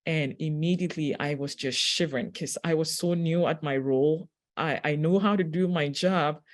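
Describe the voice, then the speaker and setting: Gentle, unhurried woman telling a story. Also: low voice. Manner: gentle, unhurried, with pauses and fillers. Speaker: spiritual teacher; registered nurse. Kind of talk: reflective spiritual talk with personal story.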